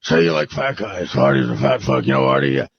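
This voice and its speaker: A man voicing a sleazy, scheming middle-aged man who talks fast and crude, on a dull lo-fi radio recording. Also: rumbling low, animated, a little hiss or hum, voice pushed down. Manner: eager, fast-talking, crude.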